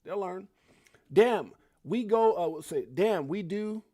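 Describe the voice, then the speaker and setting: A middle-aged man hosting a crypto livestream, excitable and hyped, jumping between loud outbursts and muttered asides. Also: high-pitched, takes it slowly, no echo, studio quality. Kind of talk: animated casual livestream commentary.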